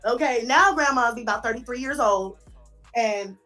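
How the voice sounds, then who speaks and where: A woman's voice: on the high side, moderate pace, bright, forceful tone, soft background music. A woman, telling stories about her kids in a casual vlog, swearing and laughing as she goes. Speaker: mother vlogger.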